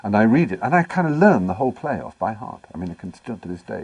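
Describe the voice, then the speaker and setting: A middle-aged man being interviewed, telling anecdotes in an articulate, wry and animated way. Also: lowish voice, fast, husky, dry recording. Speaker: interview guest.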